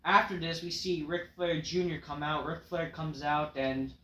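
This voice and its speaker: A man with a notably high voice talks through a wrestling show recap in a casual, offhand ramble. His voice rings around a roomy, echoey space. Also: little pitch movement, moderate pace, a bit bright. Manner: rambling and offhand, heavy on fillers.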